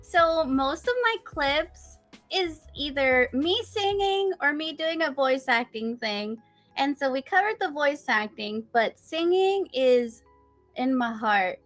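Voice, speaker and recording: A woman's voice: high-pitched, animated, takes it slowly, fairly bright tone, soft background music. A young woman streamer chatting as a guest, bubbly and giggly. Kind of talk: casual interview chat.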